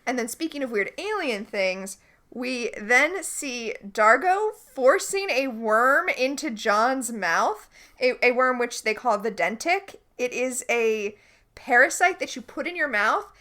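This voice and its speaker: A woman's voice: fairly high pitch, lively intonation, slow, bright, forceful tone. A woman co-hosting a podcast, animatedly and enthusiastically recapping a TV episode in casual chat. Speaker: podcast co-host.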